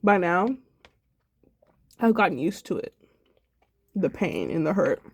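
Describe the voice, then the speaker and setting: A woman's voice: fairly low pitch, sing-song, measured pace, gravelly, husky. A sad, subdued young woman in a personal video diary, talking reflectively and rambling with many fillers. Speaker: vlogger.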